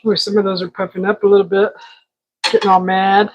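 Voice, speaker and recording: A woman's voice: medium pitch, little pitch movement, brisk, highs cut off, slight background noise. A woman hosting a live cooking stream from her home kitchen, chatting casually and talking to the food as she works. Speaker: cooking show host.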